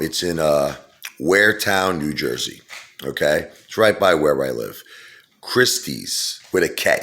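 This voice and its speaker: A middle-aged man rambles through a casual story in an extremely deep voice. He digresses constantly, padding his talk with fillers and asides. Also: fairly bright tone. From Brooklyn, New York. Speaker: vlogger.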